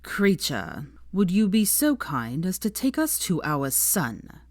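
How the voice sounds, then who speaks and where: A woman's voice: fairly low pitch, very animated, takes it slowly, no room sound, studio quality, full character voice. A woman voicing a cold, drawling, menacing aristocratic older man in a storybook reading.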